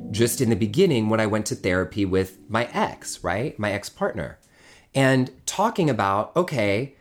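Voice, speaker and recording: A woman with a low voice leads a workshop, her delivery swinging widely in pitch as she acts out everyday small-talk replies. She speaks in a loose, conversational way, and guitar music plays loudly behind her the whole time. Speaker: emotional healing workshop facilitator. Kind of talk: teaching a live workshop session. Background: guitar music playing.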